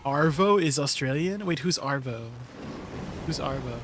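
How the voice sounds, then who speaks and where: A man's voice: on the high side, expressive, unhurried, music in the background. Laid-back chatty male streamer. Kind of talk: casual livestream chat with viewers.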